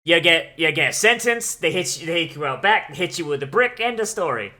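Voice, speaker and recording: A man's voice: fairly high pitch, lively intonation, brisk, bright, forceful tone. A man hosting an anime watch-along, reacting with profane, incredulous outbursts and running commentary.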